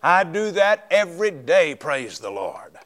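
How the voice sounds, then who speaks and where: A man with a notably high voice preaches a sermon. He drags out key words and jumps up in pitch for emphasis as he retells a story and recites scripture. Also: big pitch swings, unhurried, a bit bright.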